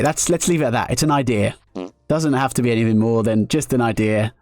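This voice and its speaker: A man's voice: medium pitch, brisk, no echo, faint music behind. A man commentating his own live poker play on stream, joking sarcastically at his own expense between strategy talk. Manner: self-mocking, sarcastic joking.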